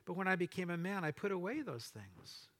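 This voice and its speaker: A man's voice: high-pitched, very animated, fairly quick, a bit bright. A middle-aged man preaching a sermon as pastor, reading Bible verses aloud and adding casual asides to his congregation.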